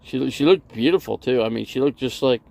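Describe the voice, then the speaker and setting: Rambling man with a gravelly voice. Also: medium pitch, a little fast, dark tone. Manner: rambling, lots of "you know" and restarts; acts out both sides of a remembered conversation. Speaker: RV vlogger. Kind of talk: casual storytelling livestream.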